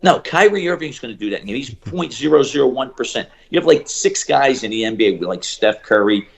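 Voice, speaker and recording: A middle-aged man, a shooting coach, telling stories in an animated interview and acting out the people he quotes. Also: mid-range voice, creaky. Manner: acts out quoted voices, fast bursts and emphatic repeats.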